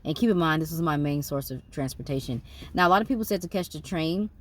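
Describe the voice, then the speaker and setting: Low-voiced woman recapping her travels. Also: expressive, quick pace. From United States. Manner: rambling, conversational, many fillers and self-corrections. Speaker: travel vlogger.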